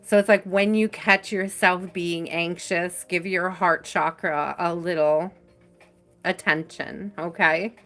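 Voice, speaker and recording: A woman giving a live-stream tarot reading, speaking slowly and softly with many fillers, over soft background music. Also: on the low side, fairly even intonation. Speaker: tarot reader.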